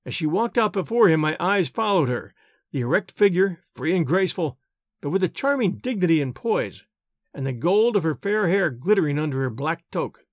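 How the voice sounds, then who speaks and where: A man narrates an audiobook in a measured, expressive reading. His voice is a little high, recorded in clean studio sound with no room sound.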